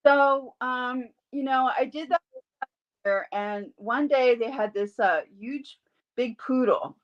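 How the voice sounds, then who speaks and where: This woman talks like she's sharing a favorite story with a friend. She's animated and slips into little voices for the characters in her tale. Her voice sits a little higher than most. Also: slow, muffled recording. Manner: animated storyteller who acts out quoted voices. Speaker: guest, animal communicator and Reiki healer. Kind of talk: casual interview storytelling.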